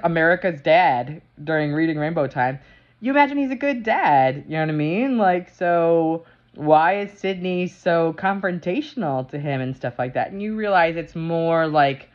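A woman talking through her review of a TV episode in a casual, animated way, swearing freely and full of fillers and restarts. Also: low-pitched. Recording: dull lo-fi sound.

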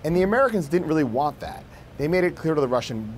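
A man's voice: a little high, big pitch swings, quick pace, slight background noise. A man, a national security correspondent, explaining his reporting as a news interview guest, with fillers and restarts.

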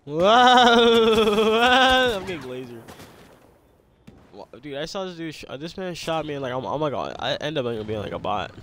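A young man, commenting on his own gameplay casually, excitable, repeating himself and yelping when attacked. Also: mid-range voice, fairly quick, slight background noise. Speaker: gameplay streamer.

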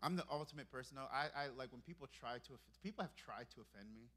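A man from Brooklyn, New York, in his thirties, preaching a sermon in a church and swinging between hushed, intimate moments and emphatic ones. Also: medium pitch, lively intonation, fast. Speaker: pastor. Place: church sanctuary.

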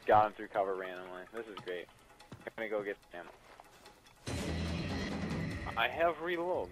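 A man's voice: low voice, steady tone, fast, over loud music, low-quality recording. A man co-hosting a let's play, chatting and joking with a friend while gaming. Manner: chatty, giggly, jokey banter. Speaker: gamer co-host. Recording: voice over loud game noise.

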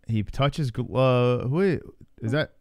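A man's voice: medium pitch, expressive, a little slow, dry recording, studio quality. A man hosting a live stream, chatting casually with a laid-back, joking manner and swearing freely. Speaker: stream host. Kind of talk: casual live reaction chat.

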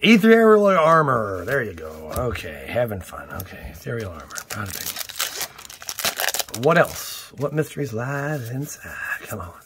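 A man hosting a casual card-opening video, playful and exclamatory with goofy catchphrases, sometimes dropping to a hushed near-whisper. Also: mid-range voice, sing-song, a little slow, background noise. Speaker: card-opening channel host. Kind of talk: casual unboxing commentary.

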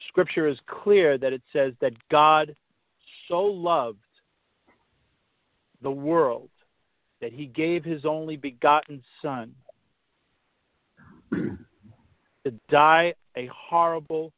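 Guy with a kinda high voice telling a story, keeps restarting, goes preachy quoting scripture, sounds like a phone call. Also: slow pace, long pauses, no echo. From Massachusetts. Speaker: podcast guest. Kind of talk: casual storytelling. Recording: tinny phone-line sound, dry.

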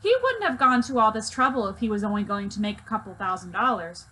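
A woman voicing a bold, mouthy teenage boy with a loud, needling manner while reading a children's novel aloud. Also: medium pitch, lively intonation, fast talker. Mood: goading.

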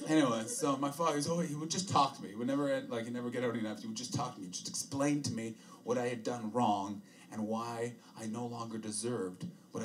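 A man doing a stand-up comedy set for a live album, telling dark stories in a deadpan way with sudden loud asides. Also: medium pitch, far from the mic. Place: hot, narrow comedy room. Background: audience laughter.

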